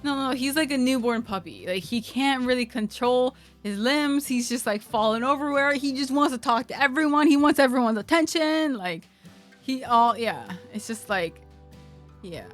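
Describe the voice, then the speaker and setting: High-voiced young woman chatting casually. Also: moderate pace, soft background music. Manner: chatty, agrees often, uses "like" a lot. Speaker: streamer, co-host. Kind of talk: casual chat.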